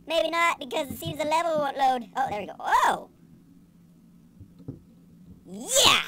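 A young woman giving casual let's-play commentary, excitable and sarcastic, swearing and yelling at the game. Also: high-pitched, moderate pace, long pauses, noisy background. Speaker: gaming channel host.

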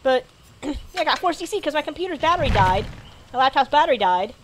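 A woman's voice: high voice, sing-song, quick pace, background noise. A woman streamer giving casual gameplay commentary, chatty and grumbling, talking to the game's characters. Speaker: gaming streamer.

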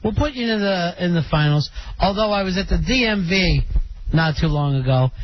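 A man's voice: high voice, animated, normal speed. A man hosting a talk radio show, chatting with callers in a wry, drawling way. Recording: dull lo-fi radio broadcast.

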